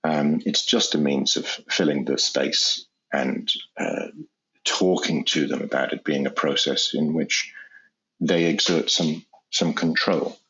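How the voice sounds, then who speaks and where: A man speaking as an anesthesiologist guest in an interview, explaining in a measured way and often repeating words as he restarts. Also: very deep voice, fairly even intonation, fairly bright tone, husky. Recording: dull lo-fi sound.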